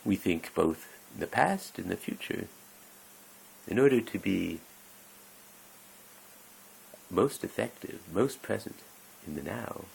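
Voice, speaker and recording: A man's voice: sits low, lively intonation, a little slow, vocal fry, a little hiss or hum, low-quality recording. A man talking in a rambling, meandering way, often breaking off mid-sentence and chuckling as he goes. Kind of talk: rambling casual monologue.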